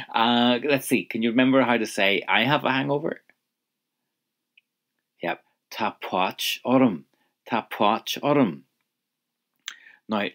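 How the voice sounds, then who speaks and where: A man leads an audio language lesson. His voice is very low, and he talks slowly and patiently, stopping to let the listener try each phrase. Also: fairly bright tone. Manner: patient, prompting the listener to answer. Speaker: language teacher.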